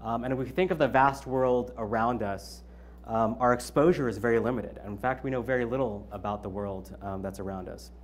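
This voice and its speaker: A man's voice: medium pitch, brisk. Man opening a conference with a speech. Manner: conversational, frequent ums and you-knows. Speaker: event founder giving opening talk.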